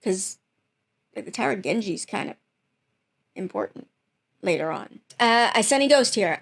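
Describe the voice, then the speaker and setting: A woman's voice: medium pitch, expressive, normal speed, gravelly, long pauses. A woman hosting her channel, chatting casually at home about viewer theories, rambling with many fillers and restarts. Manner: rambling, lots of fillers and self-corrections. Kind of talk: casual reaction chat.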